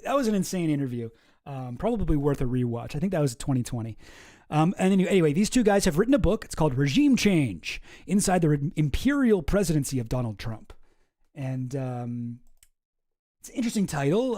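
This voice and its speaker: A man's voice: on the high side, warm tone. A young man hosting a casual commentary stream, rambling and swearing as he talks through a news article. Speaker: streamer host.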